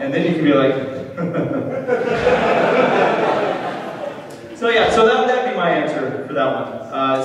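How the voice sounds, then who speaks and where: High-voiced man echoing through a convention hall. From United States. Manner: rambling, self-interrupting, joking with crowd. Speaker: convention panel guest. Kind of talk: casual Q&A with audience. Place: convention hall with live audience. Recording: far-off echoey hall, crowd noise. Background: audience reactions.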